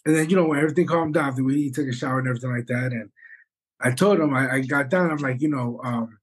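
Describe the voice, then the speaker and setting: A man co-hosting a podcast, telling a story in an animated, rambling way and swearing often. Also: mid-range voice, fast talker, slightly rough. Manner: animated, rambling, swears, says "bro" and "you know what I'm saying". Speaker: podcast co-host. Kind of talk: casual storytelling chat.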